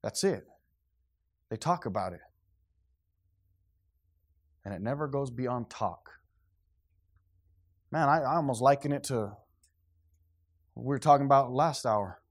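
A man in his thirties preaching a sermon in a conversational, animated way, acting out quotes and asides. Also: mid-range voice, takes it slowly, long pauses. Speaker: pastor.

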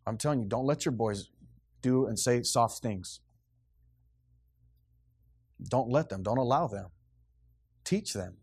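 A man's voice: medium pitch, husky. A man, preaching a blunt, emphatic sermon as pastor. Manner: blunt, emphatic preaching, grows loud and animated.

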